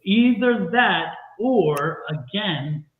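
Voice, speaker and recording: A man's voice: sits high, animated, drawn-out words. A man giving tarot readings on a live stream, stressing points by repeating phrases. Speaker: tarot reader. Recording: echoey phone-like live-stream audio.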